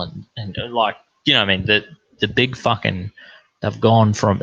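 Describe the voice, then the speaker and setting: A man's voice: lowish voice, steady tone, moderate pace, gravelly, fairly bright tone, husky, dry recording, dull audio. A young Australian man ranting bluntly and profanely in a casual rambling monologue to his online viewers. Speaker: online streamer.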